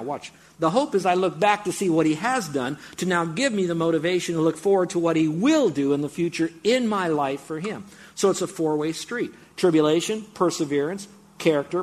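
Excitable preaching man, rather high voice. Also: slightly rough. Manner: animated, excitable preaching with sudden loud high bursts. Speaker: pastor. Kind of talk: sermon.

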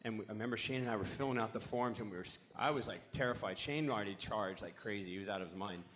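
A man's voice: on the low side, quick pace, a bit bright. A middle-aged man spins a long story for a live panel. He rambles, loses his thread and swears casually along the way.

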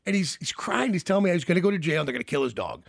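A man hosting a radio show, telling a story in a blunt, animated, casual way. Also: a little high, rapid-fire, creaky, breathy edge, no room sound, clean studio sound. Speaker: radio host.

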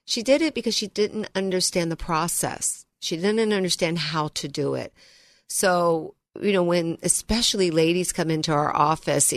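A woman financial advisor co-hosts a radio show, talking earnestly and telling stories about her clients. Her voice sits at a middle pitch. The studio sound is dry and close. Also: dry recording. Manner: earnest, storytelling, addresses co-host by name.

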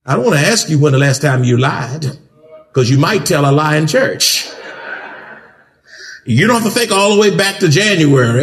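A man preaching a sermon as pastor in a church, with rising rhythmic emphasis that builds to shouts. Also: sits high, very animated, moderate pace. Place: church sanctuary.

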